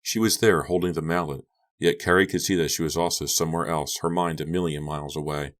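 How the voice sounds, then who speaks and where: Very deep-voiced male audiobook narrator. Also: steady tone, a little fast.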